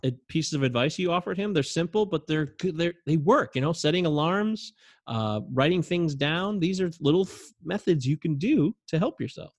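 A man co-hosting a podcast in easy, rambling chat, given to poking fun at himself. His voice has a gravelly, fry-laced edge. The sound is dry and close, with no room around it. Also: a little high, expressive, normal speed, dry recording. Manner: chatty, self-deprecating, laughs easily. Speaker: podcast co-host. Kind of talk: casual chat.

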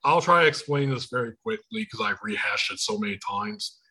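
A man with a Michigan accent talks over a video call in a loose, casual way. His voice is husky and bright. He tells stories, acts out what other people said, and swears freely. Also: medium pitch, sing-song, a little fast. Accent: Michigan, Inland Northern. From Michigan, United States. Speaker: podcast host. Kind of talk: casual chat.

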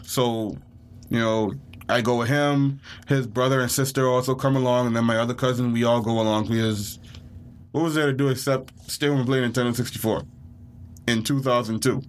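A young man from the Bahamas, co-hosting a podcast, telling a story in a casual, animated way, acting out the panicked quotes. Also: mid-range voice, brisk. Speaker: podcast co-host.

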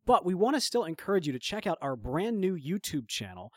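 Podcast co-host: Southern man, easygoing rambler, slightly high voice, dry close mic. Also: fairly quick, dry recording. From Mississippi. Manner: relaxed, laughs often, loose rambling asides. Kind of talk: casual chat.

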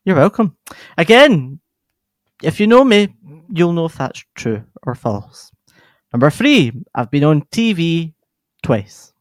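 Slow, lively man in podcast chat. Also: on the high side, no echo. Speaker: podcast co-host. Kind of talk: casual chat.

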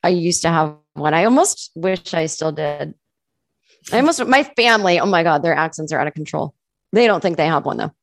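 A woman comedian with a faint Boston accent tinged with California, talking casually and self-deprecatingly as an interview guest, with animated asides. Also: low voice, fairly quick, no room sound, studio quality. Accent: faint Boston with California touches. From Boston area, USA.

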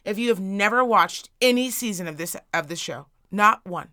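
A woman's voice: mid-range voice, lively intonation, normal speed, bright, forceful tone, dry recording, clean studio sound. A woman co-hosting a podcast in casual chat, blunt and sweary, ranting with lots of energy. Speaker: podcast co-host.

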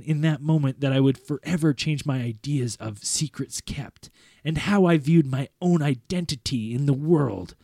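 A man reading a first-person story aloud in a measured, earnest way, as a podcast host. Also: medium pitch, warm tone, no room sound, clean studio sound.

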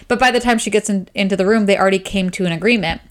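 An eager woman chatting on a podcast, racing through a novel's plot. She slips in and out of the characters' lines with rising excitement. Her voice stays at an ordinary middle pitch. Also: rapid-fire. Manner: excited retelling, acting out lines. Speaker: podcast co-host. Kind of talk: casual book chat.

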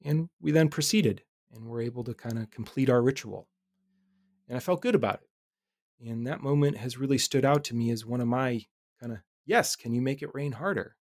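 A man in his thirties hosting a podcast, telling a personal story in a reflective, animated way with casual swearing. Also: medium pitch, normal speed, no room sound, clean studio sound. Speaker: podcast host.

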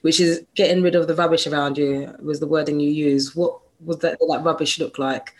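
A man's voice: fairly high pitch, fairly even intonation, fairly quick. A man hosting a casual talk and asking a guest to explain his wording. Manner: questioning, follows up. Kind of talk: casual interview.

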